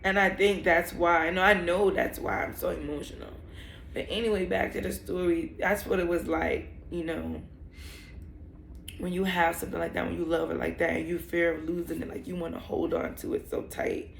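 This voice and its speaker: Candid young woman with a gravelly voice. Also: on the low side, steady tone, moderate pace, reverberant, slight background noise. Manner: candid, emotional, rambling with many "like" fillers. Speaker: vlogger. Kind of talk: personal storytelling vlog.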